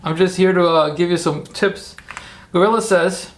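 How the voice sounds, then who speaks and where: A man's voice: high voice, steady tone, normal speed. A man hosting a casual livestream, chatty and rambling as he talks viewers through his steps and cheers them on. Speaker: livestream host.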